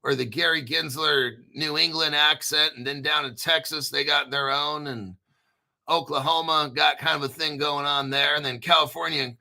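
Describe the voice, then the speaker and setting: An American man hosting a casual commentary, brash and profane, joking around and often clearing his throat. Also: a little high, fairly even intonation, normal speed, sharp tone. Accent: General American. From United States. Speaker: crypto video host. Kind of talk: casual commentary reading articles.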